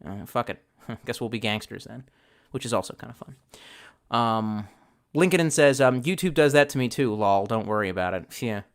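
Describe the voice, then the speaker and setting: A man with a medium-pitched voice, speaking at a moderate pace, hosts a laid-back livestream. He reads out viewer comments and drifts along, profane and self-interrupting, with lots of swearing and restarts.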